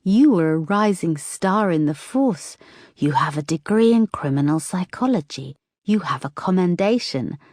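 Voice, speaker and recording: A woman doing a whispery, calm killer on the phone. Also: on the low side, dry recording, studio quality, voice pushed up. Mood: cold, calm. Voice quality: muffled, whispery. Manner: slow, calm, menacing.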